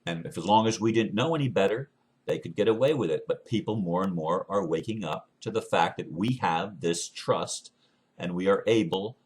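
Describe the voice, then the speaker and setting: A man with a very low voice holds forth in an earnest, unscripted monologue. He often stumbles and restarts his phrases as he talks. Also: slightly rough. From United States. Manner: earnest, halting, with frequent restarts. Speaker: speaker sharing beliefs.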